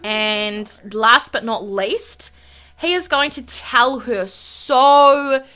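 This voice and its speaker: Young female gamer, bubbly and gushing, bright slightly high voice, casual commentary. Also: extremely slow, clear, resonant tone. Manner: gushing, excitable, chatty to viewers. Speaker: gaming YouTuber. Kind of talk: casual let's-play commentary.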